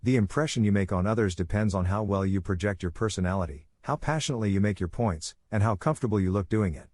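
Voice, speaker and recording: A man narrating a self-help audiobook in a steady, measured reading. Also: lowish voice, no room sound, clean studio sound. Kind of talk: scripted narration.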